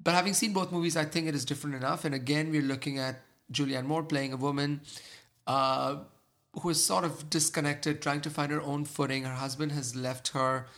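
A man's voice: a little high, steady tone, fairly quick, a bit bright. A man co-hosting a film podcast, reviewing movies in an enthusiastic, rambling way with many fillers. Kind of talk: casual film review chat.

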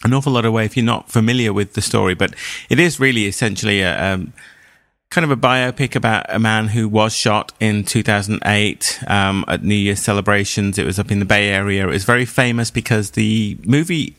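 A man's voice: fairly low pitch, fairly quick, fairly bright tone, dry recording. Male podcast host with a dry voice. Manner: dry, sarcastic humor. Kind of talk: casual chat and film review. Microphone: video call.

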